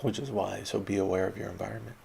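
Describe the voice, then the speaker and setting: A man's voice: fairly low pitch, steady tone, quick pace, vocal fry, mellow, a little hiss or hum. A young man telling a rambling, profane personal story in a laid-back, meandering way. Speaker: autobiographical podcaster.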